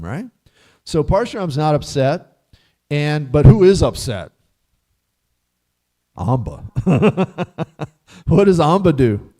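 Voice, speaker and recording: In a temple hall, a man leads a casual scripture class, chatting, laughing often, and quizzing his listeners. His voice is a little high and mellow.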